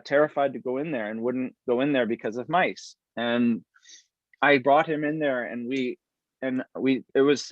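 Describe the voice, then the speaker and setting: A male military veteran speaks as an interview guest, reflective and halting, often restarting his sentences. His middle-pitched voice comes through a video call with dry, slightly dull sound. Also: dry recording. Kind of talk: earnest conversational interview.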